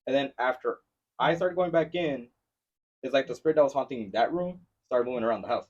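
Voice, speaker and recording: A man talks quickly as a podcast guest, telling his story with a loose, profane energy. His voice comes through a dull, lo-fi recording. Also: mid-range voice, recorded from a distance, slight background noise. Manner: fast, animated, profane storytelling. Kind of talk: casual chat. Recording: dull lo-fi sound.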